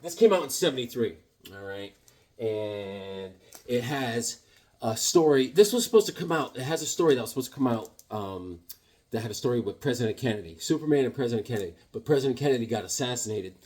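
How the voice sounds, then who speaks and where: A man's voice: mid-range voice, animated, brisk, a little mellow. A middle-aged man casually showing off his comic collection, enthusiastic and rambling with lots of fillers and asides. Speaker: comic book collector vlogger. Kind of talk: casual show-and-tell.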